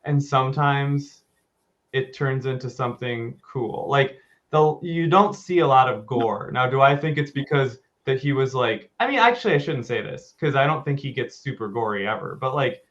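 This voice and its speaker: A man's voice: medium pitch, animated, normal speed, fairly bright tone, highs cut off. A man co-hosting a casual film podcast, rambling and hesitant with a jokey streak. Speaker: podcast co-host.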